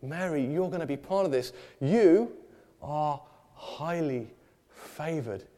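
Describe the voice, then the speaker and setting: A man preaching a sermon in a church, lively and humorous, acting out the people in the story. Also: a little high, slow.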